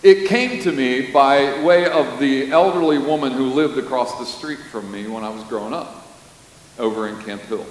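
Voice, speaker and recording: Preaching man in an echoing hall. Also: medium pitch. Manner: storytelling, animated, with sudden loud bursts. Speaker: pastor. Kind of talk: sermon. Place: church sanctuary. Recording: roomy hall reverb with faint hiss.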